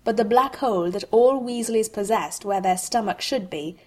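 A woman reading a humorous fan fiction story aloud in an expressive, wry way. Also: mid-range voice, moderate pace. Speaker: narrator.

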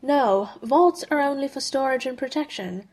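A woman voicing a shy, wry young adult male wizard in an audiobook reading, soft and self-deprecating. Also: high voice, normal speed, voice pushed up, close to an everyday voice.

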